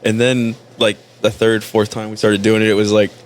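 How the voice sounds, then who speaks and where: A man's voice: fairly low pitch, flat delivery, normal speed. A man with a Miami accent telling crude, joking stories in casual chat, acting out other people's voices.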